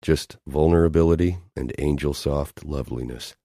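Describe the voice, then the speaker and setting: A male audiobook narrator with a very deep, dark, mellow voice. He reads in a measured, dramatic way, dropping low at the ends of phrases. The sound is dry and close. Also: dry recording. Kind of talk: scripted narration.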